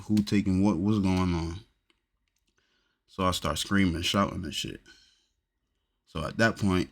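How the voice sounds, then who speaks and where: Man, very low voice, casual, profane, slangy storyteller. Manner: loose, profane storytelling, peppered with "bro". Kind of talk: casual chat.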